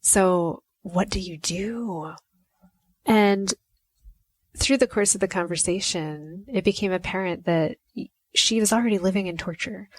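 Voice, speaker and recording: A woman hosts a casual solo podcast, talking in a chatty, reflective way and often acting out quoted lines. Her mid-range voice is a little slow, with no echo.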